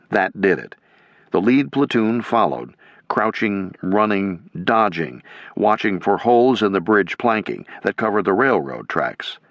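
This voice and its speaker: A man reading a military history audiobook in steady, measured scripted narration. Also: lowish voice, no echo. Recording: dull lo-fi.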